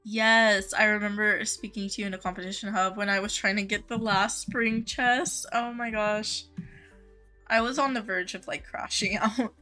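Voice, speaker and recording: A woman's voice: medium pitch, steady tone, moderate pace, sharp tone, faint music behind. A woman game streamer chatting casually with her viewers, full of "um" and "like" and easy laughs. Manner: chatty, filler-heavy with frequent 'like' and 'um', easy laughs. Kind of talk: casual live-stream chat reading chat messages.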